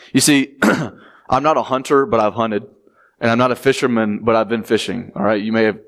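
A man preaching a conversational sermon, often acting out the people he quotes. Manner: conversational preaching, acts out quotes with rising pitch. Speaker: pastor.

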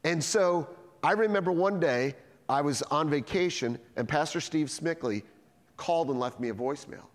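A man's voice: a little high, normal speed, big-room sound. A man preaching a sermon, telling stories with lots of energy and acting out the dialogue himself. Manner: animated storytelling, acting out dialogue. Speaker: pastor.

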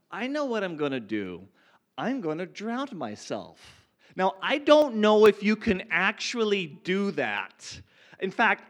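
A man telling a personal testimony to a congregation, earnest, building from quiet reflection to impassioned intensity. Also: fairly high pitch. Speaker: speaker sharing a personal testimony.

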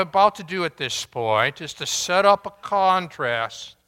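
A man preaching a sermon as pastor, emphatic and deliberate, asking the congregation rhetorical questions. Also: on the high side, pushed and bright, clear, resonant tone, big-room sound.

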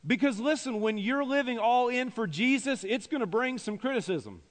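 A male pastor preaching a sermon, moving between quiet reflective stretches and raised, emphatic passages, with dry humorous asides. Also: extremely high pitch, animated, normal speed. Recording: long reverb of a large church hall.

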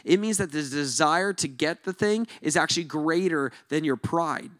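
A male pastor preaching a sermon in a casual, animated way, often checking in with "right?" and "like.". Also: a little high, moderate pace, no echo, studio quality. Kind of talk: conversational sermon.

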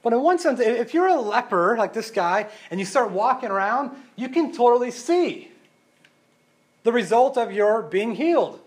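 Casual preacher with a high male voice, shifts from loud emphasis to quiet asides. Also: sing-song, moderate pace, slightly rough. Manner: casual, rhetorical questions, tag "right?". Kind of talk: conversational sermon.

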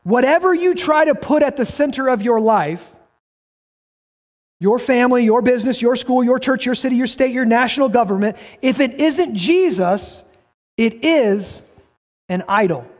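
Man, pastor, sermon, emphatic preaching, scripture reading, high voice, long hall reverb. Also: expressive, normal speed. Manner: emphatic, rises to shouts, reads scripture aloud.

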